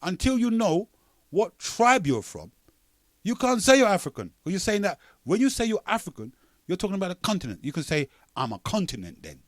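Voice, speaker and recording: A man's voice: high-pitched, big pitch swings, a little fast, dry recording. Emphatic man hosting radio talk. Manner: argumentative, rhetorical questions, emphatic. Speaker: radio talk show host. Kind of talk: radio talk show monologue.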